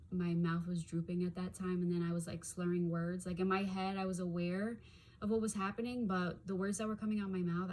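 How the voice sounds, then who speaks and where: A woman in her thirties telling a personal story in a casual, halting way, often pausing and searching for words. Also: lowish voice, a little mellow, a little hiss or hum. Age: 30s.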